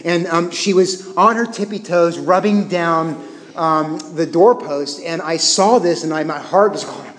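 A pastor in his thirties delivers a sermon with a high, bright-sitting voice. He tells stories animatedly, with restarts and self-deprecating laughs. The sound carries a long hall reverb, as from a church sanctuary. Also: a little slow.

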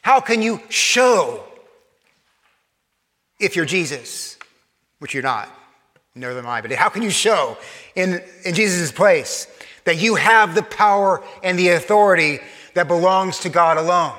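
Man, preacher, sermon, slightly high pitch, earnest, repeats phrases, reverberant hall. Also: lively intonation, a little slow, long pauses. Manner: earnest, repeats and restarts phrases, drops soft for emphasis.

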